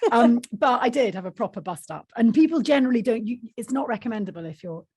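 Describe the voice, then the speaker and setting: A woman author being interviewed, telling lively anecdotes and acting out the voices of the people in them. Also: fairly high pitch, fast talker, husky, no echo, clean studio sound. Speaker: author and guest. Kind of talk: interview storytelling.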